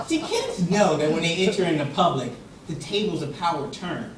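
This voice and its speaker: A young man delivering a comic contest speech on stage, his pitch leaping around as he tells the story. He sounds distant from the mic in a very echoey hall. A live audience murmurs behind him. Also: a little fast, crowd noise. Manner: animated storytelling, acts out voices. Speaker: contest speaker.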